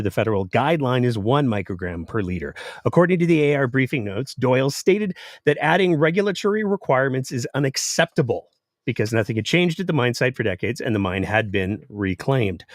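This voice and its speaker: A man hosting a live political commentary show, sarcastic and animated. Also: mid-range voice, no room sound, studio quality. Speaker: political podcast host.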